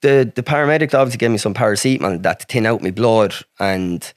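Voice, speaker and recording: A fast-talking Irish man with a fairly low pitch rambles through a long personal story as a podcast guest, cursing heavily and restarting often. Studio-quality, dry recording; the mode is casual storytelling.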